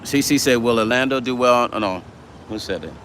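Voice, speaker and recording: A man hosting a casual livestream, his voice bright and forceful. He talks bluntly and swears freely as he answers viewer comments, with faint city traffic audible in the background. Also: mid-range voice, a little fast. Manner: blunt and profane, reads viewer comments aloud.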